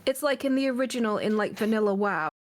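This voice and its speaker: A woman's voice: fairly high pitch, quick pace. A woman co-hosting a casual gaming podcast, talking animatedly with many restarts. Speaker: podcast co-host.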